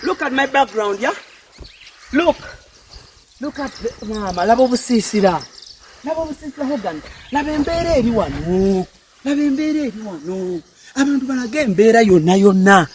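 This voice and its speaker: A man's voice: very high-pitched, lively intonation, normal speed, darkish tone, slight background noise. A man from Uganda with a Ugandan accent hosting a travel vlog, exclamatory and repeating his phrases over and over. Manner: exclamatory, repeats phrases, mixes English and Luganda. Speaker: vlog host.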